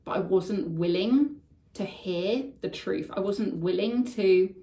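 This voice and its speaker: A podcast host tells her own story in a personal monologue, speaking candidly and emotionally about a hard time in her life, with casual swearing. Her mid-range voice is slow and mellow, and she sounds somewhat far from the mic in an echoey room.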